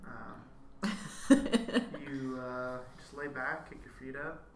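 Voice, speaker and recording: A man's voice: mid-range voice, takes it slowly. Swearing laid-back young man. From Canada. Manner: swears a lot, laughs often. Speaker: podcast co-host. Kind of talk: casual chat. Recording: echoey room with crowd behind.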